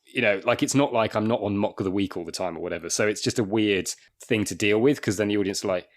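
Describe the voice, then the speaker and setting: A man's voice: fairly low pitch, quick pace. A man in his forties from Wakefield in England, a comedian telling rambling anecdotes in a casual podcast chat, with frequent restarts and chuckles. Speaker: guest comedian.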